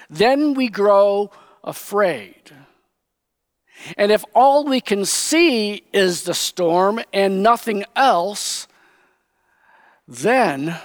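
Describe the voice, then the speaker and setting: A man preaching a sermon, teaching slowly and with emphasis, raising his voice when he quotes. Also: high-pitched, dry recording. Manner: slow, emphatic Bible teaching, quoting figures in raised voice.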